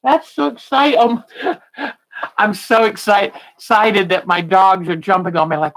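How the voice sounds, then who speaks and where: Slow, gushing woman quilting host. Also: medium pitch, fairly even intonation, a bit bright, poor audio. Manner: gushing, exclaims "oh" often, chatty. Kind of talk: casual livestream unboxing chat.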